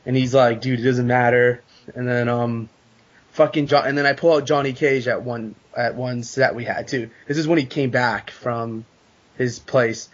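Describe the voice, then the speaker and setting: A man guest on a casual podcast, telling a story with animated, profane energy. His voice sits in an ordinary middle register. The recording is dull and lo-fi. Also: medium pitch, normal speed. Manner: animated storytelling, swears a lot. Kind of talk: casual chat.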